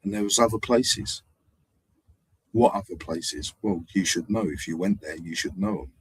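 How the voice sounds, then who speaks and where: A man's voice: deep voice, normal speed, breathy edge, dry recording, poor audio. A man hosting a live stream, talking in a rambling, digressive way with hesitations and repeats. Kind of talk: rambling casual monologue.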